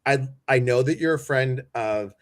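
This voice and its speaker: A man's voice: medium pitch, normal speed. A man hosting a casual livestream chat, bubbly and sassy, greeting viewers by name. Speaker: livestream host.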